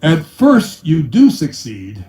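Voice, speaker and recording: A middle-aged man tells a string of accountant jokes to a small live crowd, his pitch sitting a touch high and swooping far up and down as he mimics his clients. He is heard from a little way off in an echoey room. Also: huge pitch swings, slow pace, mellow. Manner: punchy, sells punchlines with 'ba-boom', acts out clients in high voices. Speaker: comedian and musician telling accountant jokes. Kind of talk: stand-up joke telling. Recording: echoey room, mic at a distance.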